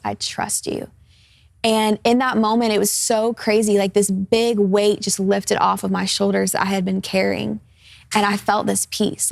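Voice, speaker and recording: A woman's voice: mid-range voice, vocal fry, a little mellow, no echo, clean studio sound. A woman in her twenties telling a personal testimony as a guest in an interview. She talks earnestly and casually, with lots of fillers. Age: 20s.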